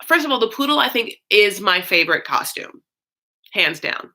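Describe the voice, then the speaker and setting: A woman hosting a casual chat, talking loosely with many fillers and swinging between high and low. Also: sing-song, normal speed, pushed and bright. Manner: chatty, swoops high and low, frequent fillers; campy, calls listeners honey. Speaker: host.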